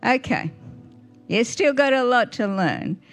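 Older woman, preacher, chatty sermon, higher pitch, faint music under. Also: expressive, a little slow. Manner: warm, chatty, asks the audience questions.

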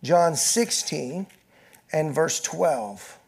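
Gravelly high-voiced male preacher. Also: animated, extremely slow. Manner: preaching with rising intensity, reading scripture aloud. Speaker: pastor. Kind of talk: sermon.

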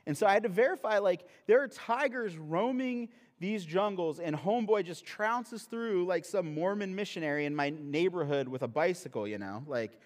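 A man's voice: sits high, expressive, normal speed, hardly any pauses. A male pastor preaching a sermon in a humorous, conversational way that turns earnest. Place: church sanctuary. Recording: long reverb of a large hall.

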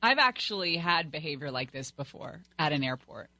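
A woman's voice: deep voice, sing-song, normal speed, pushed and bright. A woman from California co-hosting a talk radio show, telling stories in a chatty, giggly way. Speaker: radio co-host. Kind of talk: casual talk radio banter.

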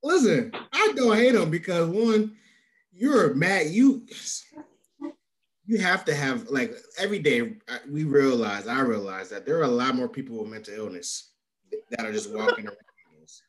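A man hosting a podcast in casual chat, animated and rising in pitch when he makes a point. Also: moderate pace. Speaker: podcast host.

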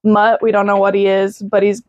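A woman's voice: mid-range voice, level tone, moderate pace, a little mellow, no echo, dull audio. A woman co-hosting a podcast in casual chat, jokey and swearing freely, talking into a small shared microphone. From southern United States. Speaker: podcast co-host.

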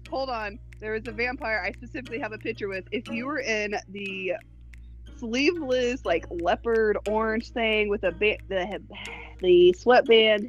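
A woman co-hosting a casual podcast, telling an excitable story and acting out her own reactions. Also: medium pitch, low-quality recording. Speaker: podcast co-host.

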